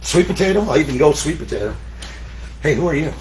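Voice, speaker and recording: A man's voice: on the high side, lively intonation, fast, a little mellow. A man guesting on a live comedy show, flustered and playful as he talks. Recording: noisy live room.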